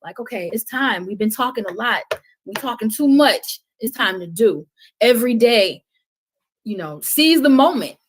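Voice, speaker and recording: A middle-aged woman talking passionately as a podcast guest, preachy and swinging between loud outbursts and hushed words. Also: a little high, expressive, normal speed, a little hiss or hum.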